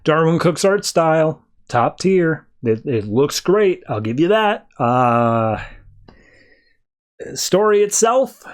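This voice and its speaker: Male podcast host, slightly higher voice, rambling casual comic recap. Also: very animated, takes it slowly. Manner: rambling, voices characters loosely in quotes.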